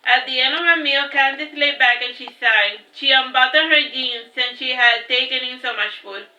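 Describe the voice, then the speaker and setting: A woman's voice: high-pitched, normal speed, bright, forceful tone. A woman reading aloud from her own novel, casual and unpolished, with restarts and small slips. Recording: roomy, distant, dull home recording.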